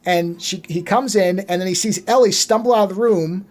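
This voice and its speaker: Swearing, animated movie-recap storyteller. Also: mid-range voice, a little fast. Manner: acts out characters' lines mid-story. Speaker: podcast co-host. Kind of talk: casual movie recap chat.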